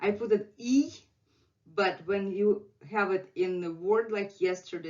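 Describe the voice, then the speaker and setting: A woman's voice: mid-range voice, slow pace. A woman with a Russian accent, a native Russian speaker, teaching the alphabet in English and repeating each sound several times with patient explanations. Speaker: language teacher. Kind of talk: video language lesson. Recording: dull lo-fi recording.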